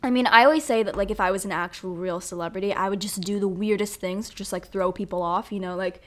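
A young woman hosting a solo podcast, ranting in a profane, animated, rambling way. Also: medium pitch, quick pace. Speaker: podcast host.

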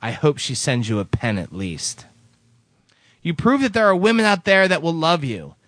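A man hosting a podcast, reading listener letters aloud in a casual, animated way and laughing now and then. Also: on the high side, moderate pace, no room sound.

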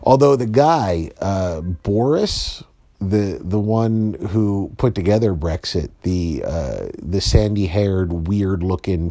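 A man doing an improvised impression of a British male news anchor in a put-on British accent, with halting, rambling patter. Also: low-pitched, dark tone, dry recording, pitched below the performer's own voice, exaggerated voice.

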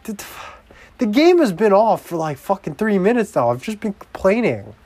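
A young man in a casual video diary, rambling crudely and breaking into loud, profane, exasperated outbursts. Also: high voice, sing-song, moderate pace. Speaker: vlogger.

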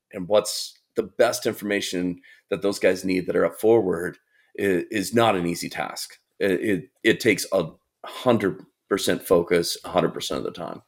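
A man speaking as a naval aviation guest on a panel, explaining things in a measured, earnest way. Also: low-pitched. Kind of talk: casual panel conversation.

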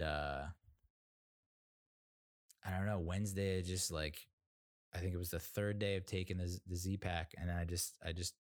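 Low-voiced dude rambling and cussing, dry close sound. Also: male voice, no echo. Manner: rambling, profane, self-mocking. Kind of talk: casual storytelling monologue.

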